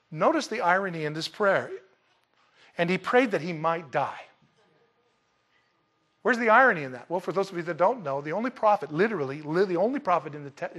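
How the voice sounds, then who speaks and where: A man preaching a casual, joking sermon, swinging between loud emphatic lines and quiet asides. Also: fairly high pitch. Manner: lively, joking, dramatic swings in loudness. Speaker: pastor.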